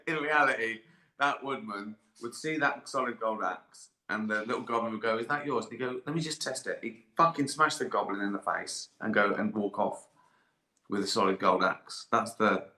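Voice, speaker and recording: A man's voice: fairly low pitch, bright, forceful tone. An older man, chatting casually on a live stream, rambling, swearing and laughing often. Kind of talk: casual chat. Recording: echoey room.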